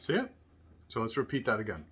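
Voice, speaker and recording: A patient man teaching a music lesson, explaining each phrase step by step at a middling pitch. He sometimes sings rhythm syllables to demonstrate. Loud violin playing fills the background. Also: huge pitch swings, fast talker. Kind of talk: instructional lesson with sung syllables.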